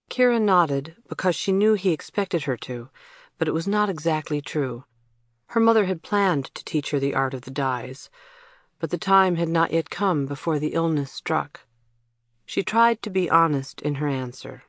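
An audiobook narrator reading a story in an even, steady way. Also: medium pitch, moderate pace, no room sound, clean studio sound.

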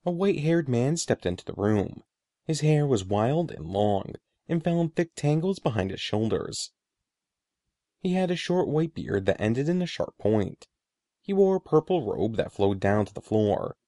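Gravelly man reading a story aloud. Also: mid-range voice, a little slow, no echo, clean studio sound. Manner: expressive storytelling. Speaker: audiobook narrator. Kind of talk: scripted narration.

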